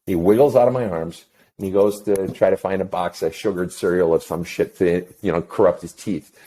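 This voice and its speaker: A middle-aged man, a counselor talking as an interview guest, telling a story in a blunt, profane and animated way. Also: fairly low pitch, moderate pace. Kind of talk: casual interview chat.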